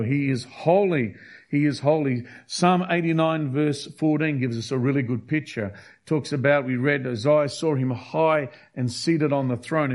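A man's voice: medium pitch, darkish tone. A man preaching a sermon, emphatic and repetitive, hammering key phrases. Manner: emphatic, repeats key phrases, acts out quotes.

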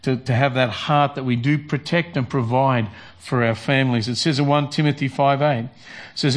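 A man's voice: medium pitch, fairly even intonation, normal speed. A male pastor, giving a conversational sermon with many restarts.

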